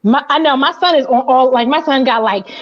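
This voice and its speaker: A woman's voice: high-pitched, fairly quick. Chatty woman on a muffled call. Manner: chatty, laughing, exclaims often. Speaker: co-host. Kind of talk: casual podcast chat. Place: her office.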